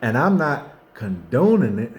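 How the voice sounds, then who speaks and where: A man giving an unscripted faith monologue in a folksy, conversational way. He repeats himself and restarts often, moving between hushed reflection and fired-up bursts. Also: mid-range voice, big pitch swings, measured pace, highs cut off, slight background noise. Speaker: motivational faith speaker.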